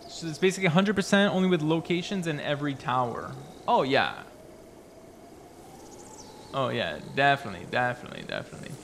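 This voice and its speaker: A young man live-streaming a game, chatty and excitable, reading chat aloud and reacting playfully. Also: mid-range voice, a little hiss or hum.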